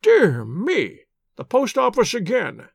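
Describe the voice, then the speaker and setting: Brief: male reader doing a calm, wry, courteous detective, lively delivery. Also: high-pitched, vocal fry, no echo, studio quality, voice pushed up, exaggerated voice. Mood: pressing. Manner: measured, courteous, gently ironic.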